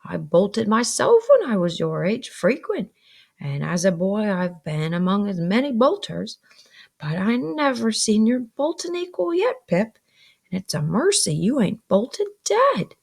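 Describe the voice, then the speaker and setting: A gentle, simple-hearted working man speaks slowly and earnestly, as a woman reading aloud puts him on. His words are drawn out and solemn. The voice carries a husky, gravelly texture. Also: mid-range voice, very animated, exaggerated voice. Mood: solemn worried.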